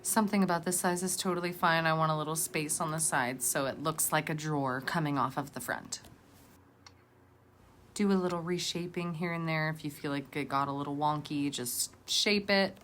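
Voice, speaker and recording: A woman's voice: sits low, moderate pace, a bit bright, a little hiss or hum. A woman vlogger narrating a casual crafting tutorial in a rambling, chatty, self-deprecating way.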